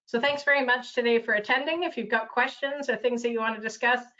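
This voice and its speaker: A woman's voice: fairly high pitch, quick pace, pushed and bright. Chatty woman on a dull call line. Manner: chatty, loose, full of fillers, acts out quotes. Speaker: consultant and coach. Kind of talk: casual webinar talk. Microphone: video call.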